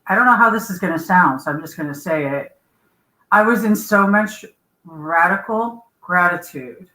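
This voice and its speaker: Bright-voiced woman in an echoey room. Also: lowish voice. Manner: blunt and playful, swears casually. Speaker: guest. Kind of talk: casual live-stream chat.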